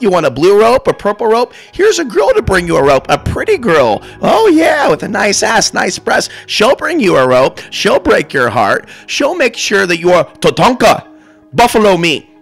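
Guy doing a mocking tempter voice, higher, singsongy and teasing. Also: wildly swooping pitch, moderate pace, gravelly, a bit bright, faint music behind, exaggerated voice. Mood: taunting. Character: mocking, seductive tempter offering a rope.

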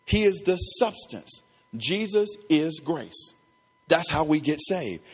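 A middle-aged man preaching a sermon, swinging between soft talk and loud emphasis, with casual asides to the congregation. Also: a little high, expressive, takes it slowly, husky, long reverb tail. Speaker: pastor. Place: church.

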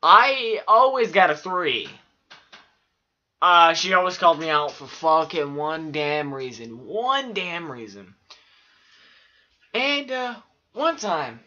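A man's voice: on the high side, bright, forceful tone, highs cut off. A man telling profane, rambling stories from childhood in a casual vlog. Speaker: vlogger. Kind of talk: casual storytelling.

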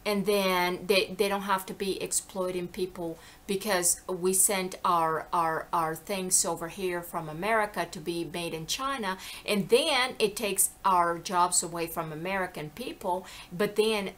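A woman talks straight to the camera in a loose, rambling monologue with a bright, forward tone. She stays animated, wanders from point to point, and keeps dropping into little voices for the people she quotes. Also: fairly low pitch, unhurried, hardly any pauses. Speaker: vlogger. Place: lives in the American South.

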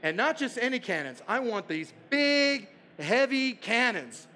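A man's voice: extremely high pitch, big pitch swings, measured pace, bright, forceful tone, slight background noise, pitched above the performer's own voice, exaggerated voice. Man putting on a stern bearded old king. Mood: grandly demanding. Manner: imperious, questioning.

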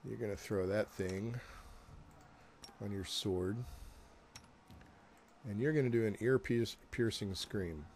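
A man giving relaxed gameplay commentary, thinking aloud and reading game text as he plays. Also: lowish voice, takes it slowly, long pauses, slight background noise. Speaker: gameplay host.

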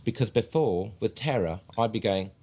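An actor playing a stiff, self-important publisher who became a wooden amateur actor, giving a deadpan mock documentary interview. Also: male voice, fairly low pitch, moderate pace. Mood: smug. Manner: deadpan, pompous.

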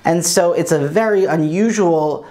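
A man's voice: a little high, a little slow, mellow. A man teaching a lesson, patiently explaining pronunciation step by step. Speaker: Hebrew teacher.

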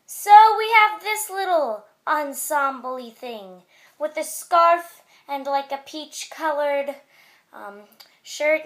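Teen girl vlogger, high voice, slow unhurried delivery, jokey self-mocking asides. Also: a bit bright. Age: teens. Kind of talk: casual haul video.

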